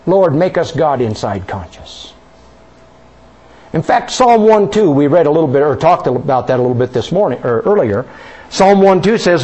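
A man's voice: a little high, sing-song, moderate pace, breathy edge, muffled recording. A male pastor preaching a sermon in a church, conversational, with many rhetorical questions. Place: church sanctuary.

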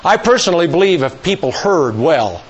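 Emphatic preacher man, lively pitch. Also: moderate pace, slightly rough, muffled recording. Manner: emphatic, rising to near-shouts; call-and-response with the congregation. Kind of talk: sermon.

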